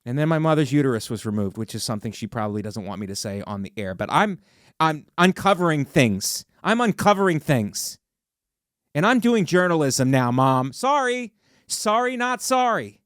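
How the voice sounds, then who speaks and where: A man's voice: a little high, dry recording, studio quality. A man in his forties hosting a podcast alone, ranting sarcastically and building to mock outrage. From Ohio. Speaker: podcast host. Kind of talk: solo comedic rant. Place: podcast studio.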